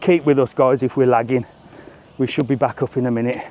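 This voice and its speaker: A man's voice: mid-range voice, steady tone, brisk, a little mellow. Man, jokey live walk-and-talk vlogger, faint street noise behind. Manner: chatty, jokey, swears casually. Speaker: vlogger live-streaming a walking tour. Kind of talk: casual live walking commentary. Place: outdoors on a busy resort seafront. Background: faint street and traffic noise.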